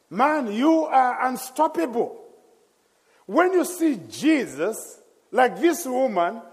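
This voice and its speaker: Male preacher, high voice, slow and emphatic delivery, reverberant church hall. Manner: passionate storytelling, slow and emphatic. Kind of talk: sermon.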